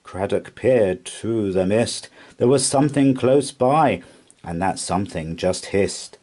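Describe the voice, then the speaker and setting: A man reading a rhyming children's picture book aloud in an expressive storytelling voice. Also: mid-range voice. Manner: slow, expressive rhyming delivery. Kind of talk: children's read-aloud narration.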